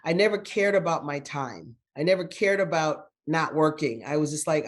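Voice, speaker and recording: A woman's voice: sits low, moderate pace, hardly any pauses. A grandmother guest in an interview, telling a story in an earnest, motivational way with repeated words for emphasis. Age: older.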